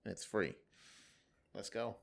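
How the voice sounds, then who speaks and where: A man's voice: fairly low pitch, unhurried, vocal fry. A man in casual podcast chat, laid-back and slangy, bantering with friends. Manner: laid-back, slangy, says "bro" a lot.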